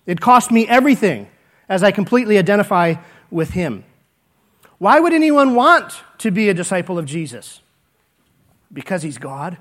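A man preaching a sermon, earnest and repetitive, swinging between emphatic lines and hushed ones. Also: sits high, sing-song, normal speed, pauses often. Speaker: pastor.

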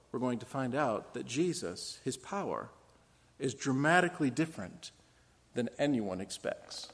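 A male pastor with a fairly high voice preaches a morning sermon, telling the stories with dramatic swings between loud and soft. He often asks the congregation questions. His voice rings through a church hall with a long reverb.

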